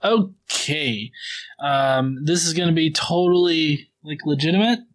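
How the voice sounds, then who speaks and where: A man's voice: on the high side, unhurried. A man hosting a podcast, recapping the Bible in a casual, profane and sarcastic way, rambling with fillers. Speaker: podcast host.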